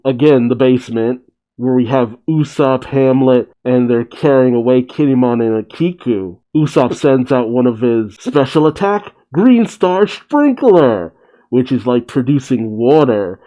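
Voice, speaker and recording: A man's voice: mid-range voice, mellow, highs cut off. A man casually recapping a comic chapter, chatty, laughing often and correcting himself. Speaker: manga reaction host.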